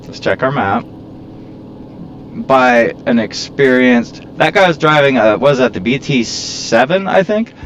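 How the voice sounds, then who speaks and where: Rambling man with a lively, animated voice. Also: mid-range voice, unhurried, a little hiss or hum. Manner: rambling, self-mocking, prone to complaining. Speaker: gaming video creator. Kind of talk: casual gameplay commentary.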